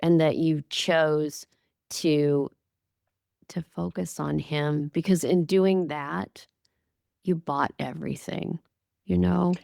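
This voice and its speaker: A woman's voice: low voice, steady tone, slow, creaky, pauses often, dark tone, no room sound, studio quality. A middle-aged woman hosting a podcast interview, speaking in a reflective, affirming way. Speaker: podcast host. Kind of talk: casual interview chat.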